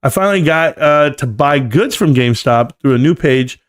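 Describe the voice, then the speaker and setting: A man's voice: on the high side, lively intonation, moderate pace. A man in his forties hosting a casual live stream, reading viewer comments aloud in a loose, joking, slangy way. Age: 40s. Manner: loose and joking, slangy, often says "bro".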